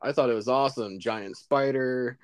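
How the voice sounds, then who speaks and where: A man's voice: medium pitch, moderate pace, smooth, no room sound, clean studio sound. A man co-hosting a casual comedy chat, laid-back and laughing often, trailing off mid-thought. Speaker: podcast co-host.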